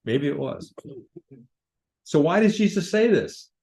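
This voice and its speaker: A man's voice: a little high, expressive, takes it slowly, gravelly, a little mellow, rough recording. Male Bible study leader, informal, asks the class questions. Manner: informal, with fillers and restarts, asks the group questions. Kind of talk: conversational Bible study teaching.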